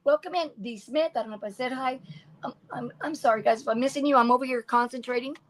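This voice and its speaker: A woman's voice: high voice, quick pace, background noise. An older woman chatting casually while crafting on a livestream at home, rambling and greeting viewers by name.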